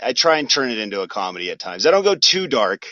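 A man who is a guest comedian and commentator on a podcast, talking in a halting, laid-back way with many restarts. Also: mid-range voice, sing-song, bright, forceful tone, dry recording, muffled recording. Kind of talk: casual podcast chat.

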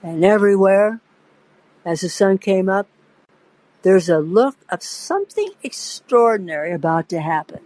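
A woman spins a first-person story for her podcast audience, acting out the quoted voices with playful relish. Her pitch rises and falls in wide arcs while her pace stays slow and deliberate. The sound is close and dry. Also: expressive, darkish tone, no echo, rough recording. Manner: theatrical, acts out quoted voices; addresses listener directly, playful. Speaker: podcast host and narrator.

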